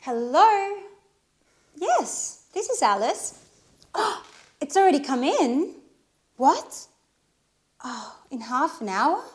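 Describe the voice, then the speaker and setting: An actress playing an eager, flustered young woman in love, chatting excitedly in a scripted sitcom for English learners. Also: sits high, takes it slowly, long pauses, exaggerated voice. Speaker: Alice, character in a learning sitcom.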